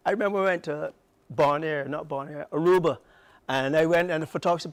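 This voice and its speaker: A man's voice: a little high, no echo. A middle-aged man with a Barbadian accent, speaking passionately and emphatically as a guest on a morning TV interview. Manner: passionate, emphatic, fast bursts with rising outbursts. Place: TV studio.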